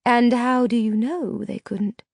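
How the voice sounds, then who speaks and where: A woman reader voicing a powerful sorceress who speaks slowly and calmly. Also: on the high side, gravelly, no echo, studio quality. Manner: slow, calm, measured. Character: calm, cold, powerful older sorceress.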